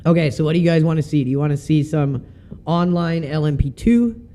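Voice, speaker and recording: A man's voice: a little high, lively intonation, moderate pace, warm tone. A man chatting casually and swearing now and then while commenting on his sim racing stream. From Canada.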